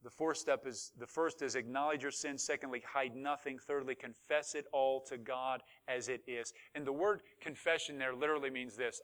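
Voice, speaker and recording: Bright, fervent preaching man. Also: medium pitch, steady tone, normal speed, hardly any pauses. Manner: preaching with rising fervor, calling for responses. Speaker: pastor. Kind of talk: sermon.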